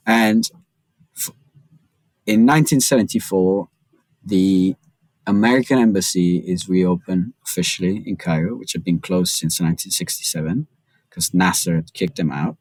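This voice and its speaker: Guy guest on a podcast spinning a story, lowish voice, dry close sound. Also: moderate pace, dry recording, low-quality recording. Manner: animated, chatty storyteller peppering talk with "like". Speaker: journalist and author, guest.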